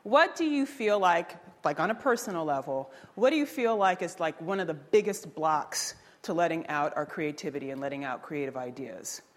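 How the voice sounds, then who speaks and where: A woman giving an energetic workshop talk, quizzing the audience and preaching her ideas. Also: low-pitched, moderate pace, few pauses, long reverb tail. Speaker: workshop speaker.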